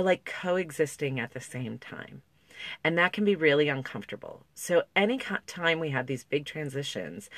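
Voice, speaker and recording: A woman's voice: low voice, a bit bright, no echo. A woman talking candidly to camera, emotional and close to tears, with lots of likes and restarts. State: on the verge of tears. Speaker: parenting vlogger. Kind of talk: casual talk to camera.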